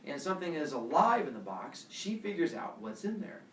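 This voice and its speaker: Animated male teacher telling a myth. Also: a little high, fairly quick, far from the mic, slight background noise. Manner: animated, acts out every voice. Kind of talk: animated myth storytelling to a class. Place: classroom. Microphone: camera across the room. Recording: roomy classroom heard from afar.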